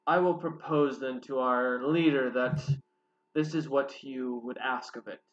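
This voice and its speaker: A man's voice: mid-range voice, steady tone, unhurried, dull audio, a little hiss or hum, lightly acted. A man voicing a stern half-illithid guard. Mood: formal. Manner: telepathic, formal, commanding.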